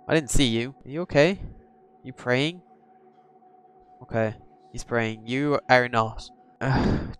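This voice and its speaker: Slow-talking jumpy man playing a horror game. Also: mid-range voice, fairly bright tone. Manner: jumpy, swears, talks to game characters. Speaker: gaming channel host. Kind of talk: horror game let's-play commentary.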